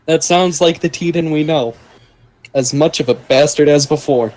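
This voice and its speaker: A man's voice: fairly high pitch, normal speed, a crowd in the background. A man playing a tabletop role-playing game, joking and laughing with the table. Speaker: player. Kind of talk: tabletop role-play in character.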